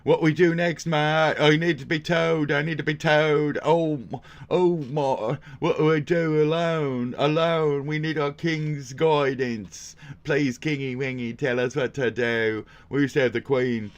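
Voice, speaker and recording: A man's voice: fairly even intonation, a little slow, highs cut off. A man putting on a whiny, helpless man who begs his king for guidance. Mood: mocking, whiny. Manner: mocking, high-pitched and loud.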